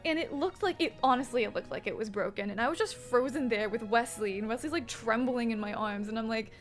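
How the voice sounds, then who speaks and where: A young woman with a bright, high-pitched voice talks casually to her viewers from home while applying makeup. She rambles loosely and swears freely, and faint music plays behind her. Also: fairly quick. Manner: rambling and profane, chatting with viewers. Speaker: streamer. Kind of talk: casual chat while doing makeup on stream.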